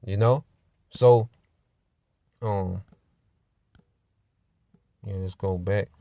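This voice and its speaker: A man's voice: low voice, fairly even intonation, drawn-out words, warm tone, no room sound. A man teaching a church Bible lesson in a conversational way, full of "you know" and "man".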